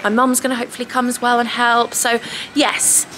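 A woman's voice: on the high side, monotone, fairly quick. Gushing English woman vlogging in a shop. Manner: gushing, chatty, addresses viewers as huns. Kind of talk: casual shopping vlog. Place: large clothing store, indoors. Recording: noisy shop ambience.

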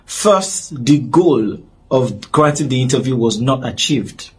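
Man from Nigeria, slow deliberate delivery, slightly husky voice, earnest pleading tone, talking to camera. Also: medium pitch, expressive. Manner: earnest and pleading, with many repeated apologies. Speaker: public figure addressing his audience. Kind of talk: direct-to-camera apology. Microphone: camera-facing recording.

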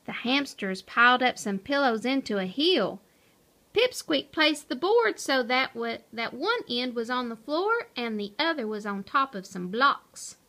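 A woman reading a children's picture book aloud as narrator, with an expressive storytelling manner. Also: a little high, unhurried.

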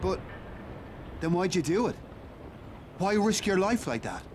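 A grateful survivor in a game cutscene who pours out earnest thanks to the stranger who saved him. His voice sits high. A faint hiss runs underneath. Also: very animated, unhurried, a little mellow. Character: grateful male survivor in a quarantined city.

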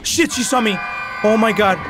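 High, excitable man playing a horror game. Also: moderate pace. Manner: excitable, profane, mixes in Spanish slang. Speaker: gaming YouTuber. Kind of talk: let's play commentary. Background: game music.

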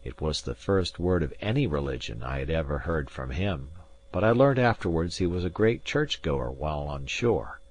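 A man narrating a classic novel as an audiobook in a steady, measured reading. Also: very deep voice. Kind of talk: scripted narration.

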